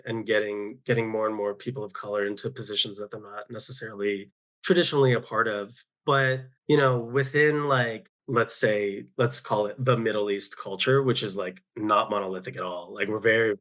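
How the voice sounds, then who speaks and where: A man, a guest actor telling stories in a casual podcast interview, often pausing and correcting himself mid-sentence. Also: mid-range voice, bright, forceful tone. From San Francisco Bay Area, USA. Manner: halting, self-correcting storyteller.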